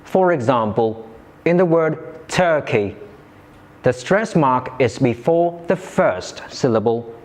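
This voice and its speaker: A man teaching English pronunciation in a scripted lesson, enunciating slowly and carefully and modelling words for listeners to repeat. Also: mid-range voice, expressive.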